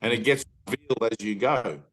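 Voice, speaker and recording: Emphatic middle-aged male spiritual teacher, casual and blunt, mid-pitched voice. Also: brisk. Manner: earnest, emphatic, swears casually; frequent "right?" tag questions. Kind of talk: satsang teaching talk.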